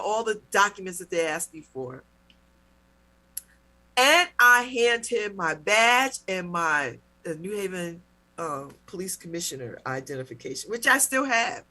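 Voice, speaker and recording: A middle-aged woman on her radio talk show recounts something from her own life in a medium-pitched voice. The telling is relaxed and animated, with mock-indignant replays of what happened.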